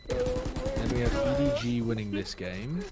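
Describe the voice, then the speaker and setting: A man's voice: mid-range voice, expressive, a little slow, over loud music. A man co-hosting an esports watch party, chatting casually and animatedly, rambling through predictions and swearing now and then. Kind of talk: casual chat.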